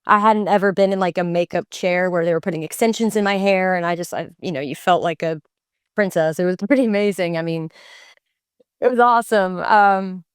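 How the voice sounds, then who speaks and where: A woman in her twenties chats animatedly as a podcast guest, full of fillers and restarts. Her voice sits on the low side and comes across smooth and clear. The sound is close and dry. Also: fairly quick, no room sound. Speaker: actor guest. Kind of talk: casual interview storytelling. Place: podcast studio.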